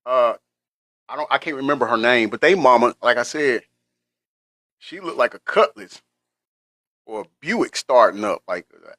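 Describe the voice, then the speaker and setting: Joking man hosting a reaction stream, bright voice with lively swings in pitch, dry close sound. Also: moderate pace, pauses often, no echo. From Atlanta, USA. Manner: joking, laughs often, talks to chat directly. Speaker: livestream reaction host. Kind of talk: casual reaction commentary reading chat.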